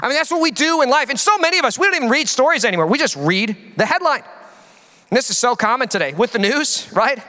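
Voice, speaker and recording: A man preaching a sermon as pastor, telling stories with quick jokes and frequent fillers. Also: extremely high pitch. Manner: animated storytelling with quick jokes. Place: large church hall. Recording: long hall reverb.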